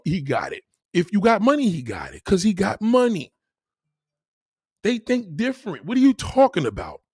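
Husky, animated man ranting on stream. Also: fairly high pitch, no room sound, clean studio sound. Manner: loud, animated, profane, reacting to viewer comments. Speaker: livestream host. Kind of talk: heated livestream rant.

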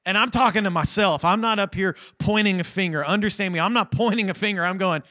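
Speaking fast and barely pausing, a high-pitched male pastor delivers a church sermon. His hushed prayer gives way to loud, pleading emphasis, and he hammers his points home through repeated phrases.

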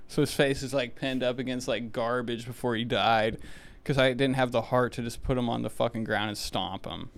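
A man's voice: medium pitch, fairly even intonation, moderate pace, vocal fry. A young man co-hosting a podcast, telling rambling, profane stories in casual chat, with lots of filler words. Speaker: podcast co-host.

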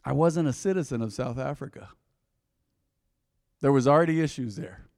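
A man's voice: medium pitch, normal speed, vocal fry, a little mellow, big-room sound. A man preaching a sermon, telling stories in a conversational way and calling out to the congregation. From United States. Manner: conversational, storytelling, engaging the crowd. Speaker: pastor. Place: church hall.

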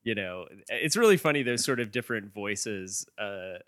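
Low-voiced male host, hedging and chatty. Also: animated, normal speed, a bit bright, dry recording, clean studio sound. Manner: hedging, full of "like" and "sort of", reflective. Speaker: interviewer host. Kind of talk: casual interview conversation.

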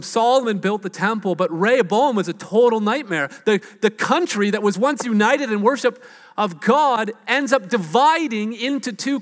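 High-voiced animated male preacher. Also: in a large hall. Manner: animated storytelling preacher, acts out quotes. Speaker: pastor. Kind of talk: sermon.

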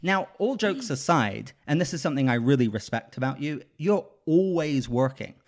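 A man's voice: mid-range voice, animated, moderate pace. A man hosting a podcast, talking in an enthusiastic, rambling way. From England. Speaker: podcast host. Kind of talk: casual podcast chat.

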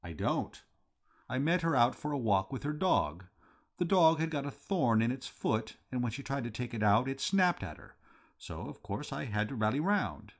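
A man voicing a timid, lovesick young English gentleman who speaks in a flat, hesitant way. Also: mid-range voice, normal speed, voice pushed up.

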